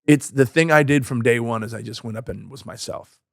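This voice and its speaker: A man's voice: medium pitch, fairly quick, vocal fry, no room sound, studio quality. A man, a stand-up comic co-hosting a podcast, chatting casually with lots of restarts. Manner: rambling, restarts often, mimics other comics.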